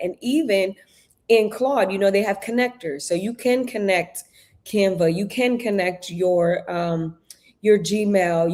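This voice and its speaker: A woman's voice: on the low side, darkish tone. A woman guest on a live stream, talking in a loose, chatty way with many fillers. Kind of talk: casual chat.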